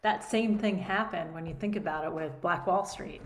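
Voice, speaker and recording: A woman co-hosting a conversation, halting and soft, trailing off and restarting her sentences. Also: fairly low pitch. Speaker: co-host. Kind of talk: casual chat. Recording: echoey room, faint noise.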